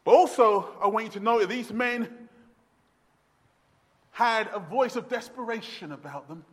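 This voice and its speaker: Male pastor, very high voice, emphatic preaching that drops to a hush and rises to shouts, long church reverb. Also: measured pace, slightly rough. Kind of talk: sermon. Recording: long echoey reverb of a hall.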